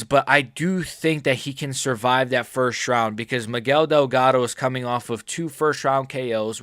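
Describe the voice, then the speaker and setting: A man hosting a casual fight predictions vlog, excitable and jokey, swearing freely and correcting himself mid-sentence. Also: mid-range voice, no echo, studio quality. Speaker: MMA prediction channel host.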